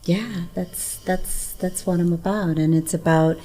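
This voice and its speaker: Low-voiced middle-aged woman from Zambia. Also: steady tone, measured pace, warm tone, faint music behind. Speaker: guest, yoga teacher. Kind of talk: casual self-introduction. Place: studio.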